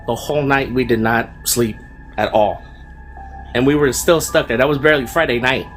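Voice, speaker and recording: A man's voice: medium pitch, moderate pace, long pauses, soft background music. Casual man telling a ghost story. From Fresno, California. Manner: casual, rambling with fillers like "like" and "bro". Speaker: storyteller guest.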